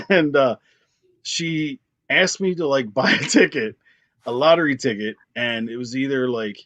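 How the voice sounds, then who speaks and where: A young man from Pennsylvania telling a story in a loose, animated way, laughing often and slipping into the voices of the people he describes. His pitch sits in an ordinary middle range. The sound is dry and close, with no room echo. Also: unhurried. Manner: animated, laughs often, acts out quoted lines. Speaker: band drummer, guest. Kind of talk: casual storytelling.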